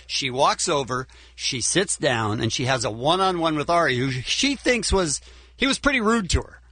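Lively, bright-voiced man recapping. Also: a little high, normal speed, slightly rough. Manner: animated storytelling, laughs often. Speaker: podcast co-host. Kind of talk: casual chat recapping a reality show.

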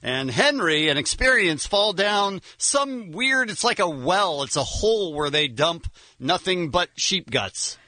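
A man hosting a casual talk show, recapping a film with animated storytelling and frequent laughs. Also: high voice, measured pace, no echo. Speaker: podcast host.

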